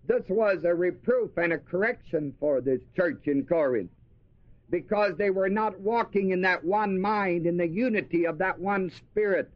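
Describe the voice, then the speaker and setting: A man's voice: sits high, normal speed, no room sound. A man preaching a sermon, asking his listeners questions and repeating key words for emphasis. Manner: asks the audience questions and answers them. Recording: dry, dull lo-fi recording.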